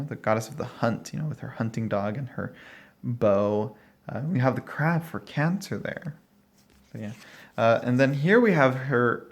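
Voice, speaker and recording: A man's voice: mid-range voice, creaky. A man casually walking through a tarot deck at home, rambling and thinking aloud with many fillers and short laughs. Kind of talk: casual walkthrough talk. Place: at home, dog barking nearby.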